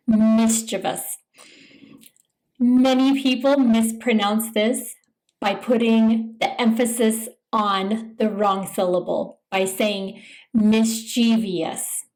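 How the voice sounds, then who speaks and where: A woman teaching English pronunciation in a scripted lesson, speaking slowly and enunciating each word with care. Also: a little high, darkish tone, rough recording. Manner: slow, deliberate, careful enunciation.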